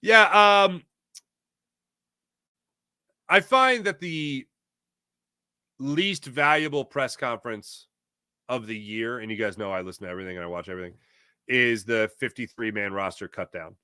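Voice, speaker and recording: A man's voice: medium pitch, a little slow, pauses often, smooth, no room sound, studio quality. A man hosting a casual sports talk show, reading viewer chat and telling stories in a chatty way with frequent laughs. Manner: animated, chatty, laughs often, storytelling.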